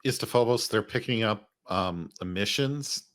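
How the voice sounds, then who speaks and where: Deep voiced guy on a panel, rambly with lots of ums, dry mic. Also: moderate pace, a bit bright, no echo. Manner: rambling, with ums and trailing asides. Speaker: panel guest. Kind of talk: casual discussion.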